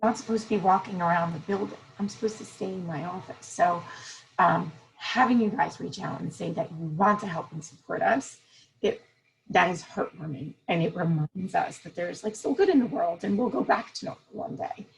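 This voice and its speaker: A middle-aged woman, a school principal, talking in a casual interview, earnest and halting with many fillers and restarts, close to tears. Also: on the low side, vocal fry, rough recording. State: emotional, near tears.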